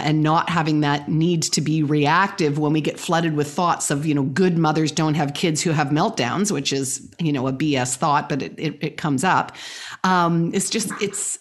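A woman host with a slightly low voice, talking earnestly and with feeling. She often starts over mid-phrase as she builds her point. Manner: earnest and animated, with frequent restarts. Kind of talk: casual conversation.

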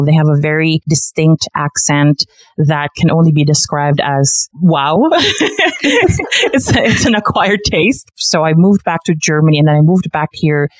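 A woman guest chatting casually in an interview, lively and quick to laugh, slipping between English and Tagalog phrases. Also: low-pitched, dry recording. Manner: animated, laughs often, mixes in Tagalog.

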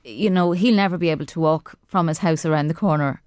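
Irish woman cohost, really low voice, talks fast, smooth, sympathetic. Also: darkish tone, no room sound, studio quality. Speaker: radio co-host. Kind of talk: casual radio chat.

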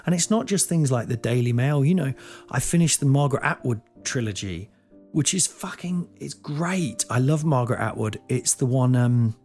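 A man's voice: medium pitch, lively intonation, moderate pace, a little mellow, soft background music. A middle-aged man with a British accent, talking candidly and rambling in a personal monologue, with plenty of swearing and restarts. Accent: British English. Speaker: comedian guest speaker.

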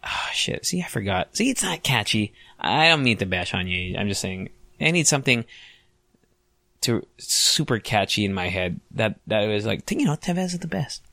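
A man in his late twenties rambles through a solo podcast in a bright, lively voice that jumps around in pitch. He talks casually and profanely, often poking fun at himself, and the sound is dry and close. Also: moderate pace, gravelly, no echo. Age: 20s. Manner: casual, profane, self-mocking, laughs often. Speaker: podcast host.

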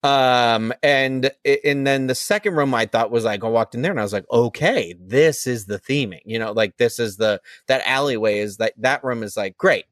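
Here a podcast co-host, male, spins a loose, filler-laden story in easygoing conversation. He has a medium pitch and fairly bright tone, talks at normal speed with hardly any pauses, and the audio is dry and studio quality.

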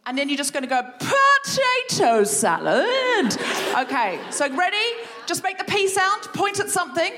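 A woman guest leading a playful creativity game for a live audience, encouraging and animated. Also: extremely high pitch, brisk, few pauses, crowd noise, background noise. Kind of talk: live comedy podcast workshop. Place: stage before a live audience.

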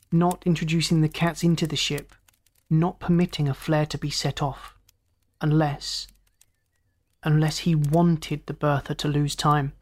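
A man reading a science fiction story aloud in a steady, measured narration that rises in pitch for characters' lines. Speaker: audiobook narrator.

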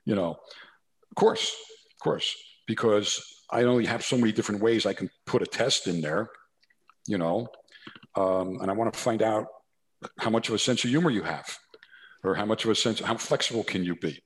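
Man, from New Jersey, lower voice, consultant guest, anecdotal, rambling asides. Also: normal speed. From New Jersey, USA. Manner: chatty, anecdotal, many restarts and asides. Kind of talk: storytelling interview.

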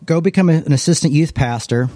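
A man's voice: on the high side, quick pace, mellow. A man, a former pastor, reflectively telling his life story in a casual interview, meandering and often restarting his sentences.

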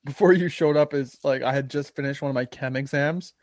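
A man's voice: mid-range voice, a little fast, dry recording. A young man co-hosting a podcast, teasing his friend and acting out quotes as he tells stories. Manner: animated, teasing, acts out quotes. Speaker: podcast co-host. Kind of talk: casual storytelling chat.

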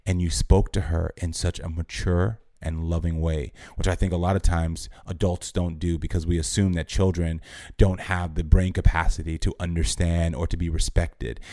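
A man speaking as a guest therapist on a podcast, offering calm, earnest and measured advice. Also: low-pitched, dry recording, studio quality. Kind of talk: podcast conversation.

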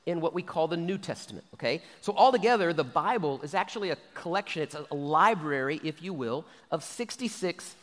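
A man's voice: fairly high pitch, lively intonation, a little fast, hardly any pauses, a bit bright, big-room sound. A man preaching a sermon as pastor, talking conversationally and often checking in with "okay?" and "right?". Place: church sanctuary.

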